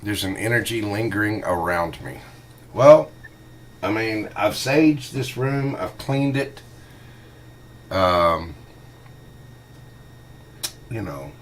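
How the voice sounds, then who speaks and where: A man's voice: lowish voice, slight background noise. A man co-hosting a live stream, joking casually while he fiddles with his equipment. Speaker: co-host running the stream setup.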